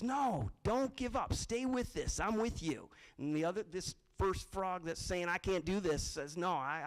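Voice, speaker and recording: A man's voice: on the high side, low-quality recording. A man from college admissions opening a live-streamed panel, telling a parable with self-deprecating jokes. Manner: jokey, self-deprecating, storytelling.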